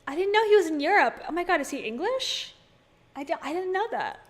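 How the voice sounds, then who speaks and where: A woman's voice: very high-pitched, big pitch swings, fairly quick. A woman giving casual, sarcastic, playful commentary as a YouTuber.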